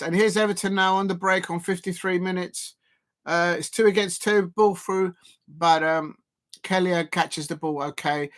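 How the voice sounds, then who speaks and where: A man with a high-pitched voice hosts a live football watch-along at normal speed. His commentary rambles, full of fillers and restarts, and he gets excitable at key moments.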